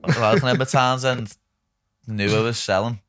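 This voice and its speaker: A man's voice: mid-range voice, fairly even intonation, fairly bright tone. A young man with a Liverpool accent hosting a podcast, telling rambling stories in casual chat and dropping "lad" and swear words into nearly every sentence. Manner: rapid, rambling storytelling with constant "lad" and swearing. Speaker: podcast host.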